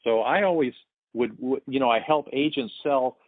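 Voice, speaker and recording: On a tinny, phone-like, dry recording, a sixties-aged man speaks at a medium pitch and normal speed. He's a podcast guest swapping sales anecdotes in a relaxed way, voicing both parties in the dialogue he recounts.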